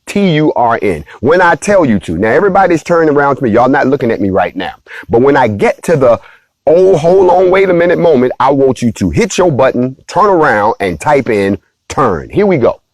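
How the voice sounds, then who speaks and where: A man's voice: medium pitch, no echo. A man, hosting a casual morning talk and speaking straight to his viewers in a preachy, playful way. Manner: preachy, playful, addresses the audience directly. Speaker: host.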